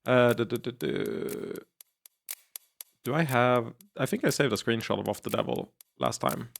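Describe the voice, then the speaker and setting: A male streamer chats casually through a story game. He rambles and swears freely, in a mid-pitched voice. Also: sing-song, unhurried, vocal fry. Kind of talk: live-stream game commentary.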